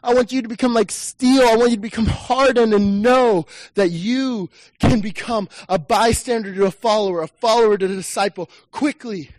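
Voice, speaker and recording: A high-voiced man preaches a lively sermon to a church congregation, swinging into shouted lines as he plays the listener's inner thoughts. The sound is close and dry, with no room echo. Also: normal speed, few pauses. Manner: animated, acts out the listener's inner voice, rising to shouts. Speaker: pastor.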